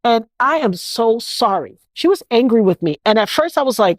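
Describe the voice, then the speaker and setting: Emphatic woman with a high voice. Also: animated, normal speed, no room sound. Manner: emphatic and repetitive, preacher-like cadence. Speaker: interview guest. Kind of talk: emotional interview.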